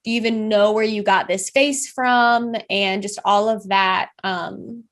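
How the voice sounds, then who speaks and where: A woman's voice: medium pitch, steady tone, measured pace, a bit bright. A woman co-hosting a casual reaction chat, thinking aloud in long, rambling sentences that trail off. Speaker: co-host.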